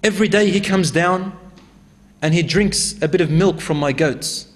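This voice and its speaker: A village shepherd explains calmly and plainly what he has seen. A male preacher voices him inside a story. The voice stays high and unfussy. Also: normal speed, big-room sound, natural voice. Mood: matter-of-fact.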